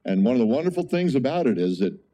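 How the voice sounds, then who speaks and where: Speaking fast in a mid-range voice, this male pastor delivers a conversational sermon built around an animated story. Exclamations pop up often along the way.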